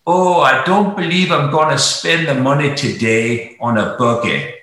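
A man's voice: mid-range voice, unhurried, a bit bright, voice pushed up, lightly acted. A man imitating an older, wealthy golfer with a thick central Pennsylvania accent, recorded in a very echoey room. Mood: leisurely.

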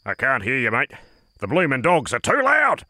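A man reading a storybook, voicing a strict male dog teacher who talks gruffly and slangily. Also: medium pitch, huge pitch swings, normal speed, sharp tone, no echo, heavily acted. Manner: gruff, slangy, calls others mate.

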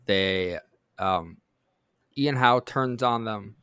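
A man co-hosting a podcast in casual chat, pitching a plot with fillers and quick bursts. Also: smooth, no echo, clean studio sound. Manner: brainstorming with lively bursts, fillers. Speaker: podcast co-host.

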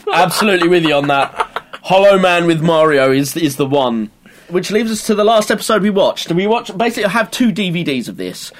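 A man's voice: high voice, animated, a little fast. A man co-hosting a podcast, swearing freely and recapping episodes in casual chat. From Britain. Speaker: podcast co-host.

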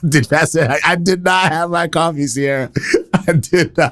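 A man's voice: on the high side, a little slow, fairly bright tone. A man in his thirties, a pastor, teaching the Bible in a casual, conversational way, laughing often and poking fun at himself.

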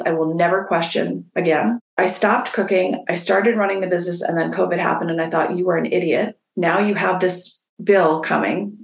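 Businesswoman chatting in an interview, kinda gravelly voice, roomy echo, acts out what people said. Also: on the low side. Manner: animated, acts out quoted dialogue. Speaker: business owner. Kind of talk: casual interview storytelling.

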